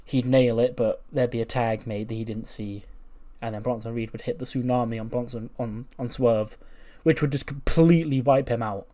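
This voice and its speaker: A man's voice: medium pitch, fairly even intonation, moderate pace, hardly any pauses, warm tone. Blunt, swearing man recapping a game. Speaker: game channel host. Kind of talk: casual game commentary.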